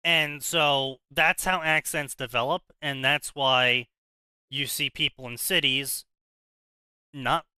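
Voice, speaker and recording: Bright, crisp-voiced man. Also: medium pitch, steady tone, takes it slowly, no echo, rough recording. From South Jersey, USA. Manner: rambling, opinionated explaining with frequent restarts. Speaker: podcast co-host. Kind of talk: casual chat.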